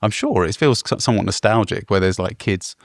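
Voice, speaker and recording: Guy rambling thru a travel story on a podcast, low kinda gravelly voice, laughs at himself a lot. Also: expressive, a little fast, no room sound, studio quality. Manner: rambling, chuckling, self-deprecating. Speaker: podcast co-host.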